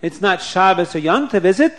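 A man's voice: high-pitched, expressive, brisk, fairly bright tone. A man voicing an earnest, anxious young man who keeps asking questions. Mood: questioning. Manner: questioning, rising into alarm.

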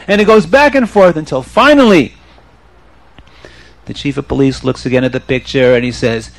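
A man telling a story to children in an animated way, often asking the audience questions. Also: medium pitch, fairly quick, vocal fry.

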